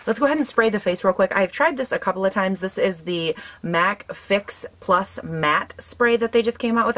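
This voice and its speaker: A woman's voice: lowish voice, fairly bright tone. A young woman in her twenties chatting casually while doing her makeup, filling her talk with "like" and "um" and laughing often. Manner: chatty, giggly, lots of "like" and "um". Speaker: beauty vlogger.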